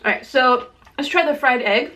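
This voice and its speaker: A high-pitched woman chats excitably to the camera while eating, describing each dish. She sounds sweaty and teary from spicy food, recorded at home on a camera mic. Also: moderate pace. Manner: chatty, excitable, exclaims often. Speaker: mukbang host. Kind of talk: casual food vlog chat to camera.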